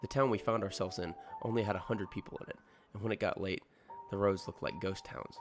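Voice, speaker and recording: Deep, gravelly man narrating horror. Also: steady tone, fairly quick. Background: music.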